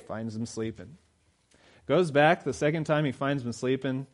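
A middle-aged man preaching a sermon, swinging between loud urgent emphasis and low, quiet storytelling. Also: moderate pace.

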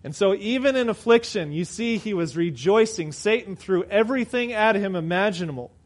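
A man preaching a sermon as pastor, earnest, slowing down and dropping softer on key phrases. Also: sits high, lively intonation.

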